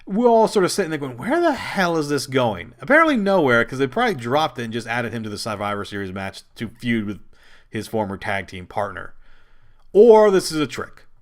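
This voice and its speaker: A man hosting his own wrestling show, talking casually and at length, with many restarts and sudden high jumps in pitch when he quotes people. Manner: rambling, animated, quick pitch jumps when quoting. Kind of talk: casual solo commentary.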